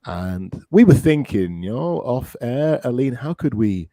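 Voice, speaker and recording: Encouraging man teaching English, lively pitch. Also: dry recording, clean studio sound. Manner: encouraging, praises often, drills words slowly. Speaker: English teacher and podcast host. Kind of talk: relaxed teaching podcast.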